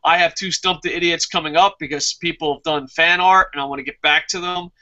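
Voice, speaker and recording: High-voiced man ranting, profane. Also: steady tone, fairly quick, bright, forceful tone. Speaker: wrestling review host. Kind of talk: casual review chat reading viewer comments. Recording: muffled lo-fi recording.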